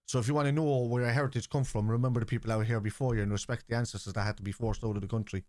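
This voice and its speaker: A man's voice: medium pitch, fairly even intonation, racing, mellow, dry recording, clean studio sound. An Irish man in his forties, hosting a football watchalong stream and lecturing his chat in an argumentative way. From Ireland. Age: 40s. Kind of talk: live stream chat reply.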